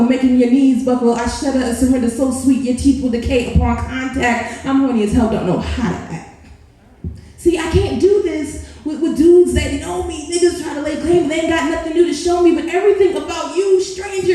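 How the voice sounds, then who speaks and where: At a live open mic in a lounge, a woman with a high-pitched, darkish voice performs erotic spoken-word poetry. She's sultry and playful and tosses laughing asides to the crowd, all in a very echoey room.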